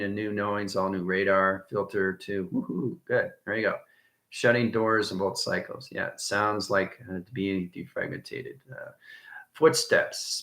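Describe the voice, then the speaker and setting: A man giving a rambling spiritual monologue, chuckling often and swinging between soft and loud talk. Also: fairly low pitch, reverberant. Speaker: channel host.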